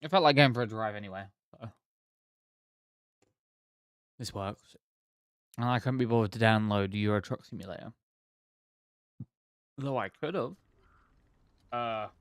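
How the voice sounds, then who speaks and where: A man's voice: fairly low pitch, measured pace, long pauses, clear, resonant tone, no echo, studio quality. A man streaming a game, chatting casually and rambling to himself while sucking on a sweet. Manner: relaxed, rambling, self-chatting. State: talking with a sweet in his mouth. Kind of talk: casual live-stream chat.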